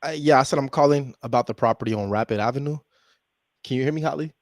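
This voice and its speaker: A man working as a real estate wholesaler, chatting casually to his viewers between cold calls and talking fast with deliberate pauses. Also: medium pitch, dry recording. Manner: fast talker who makes a point of pausing on calls. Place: at home with his dog nearby.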